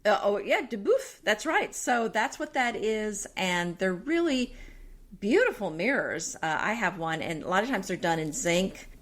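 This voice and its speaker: A woman's voice: mid-range voice, animated, a little slow, a bit bright. A woman co-hosting a home decorating podcast, chatting casually and reading out listener reviews in a bubbly way. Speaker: podcast co-host. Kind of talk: casual chat.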